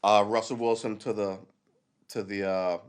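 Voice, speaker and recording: A man's voice: on the low side, flat delivery, normal speed, clear, resonant tone. A man hosting a livestream, delivering a casual, rambling monologue in a blunt, profane way. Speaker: livestream host.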